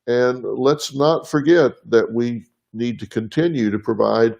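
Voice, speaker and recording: A man's voice: medium pitch, a little slow, vocal fry, darkish tone, highs cut off. A man hosting a live show from his home, speaking earnestly and plainly to viewers, thinking aloud as he answers their questions. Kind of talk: live casual address to viewers.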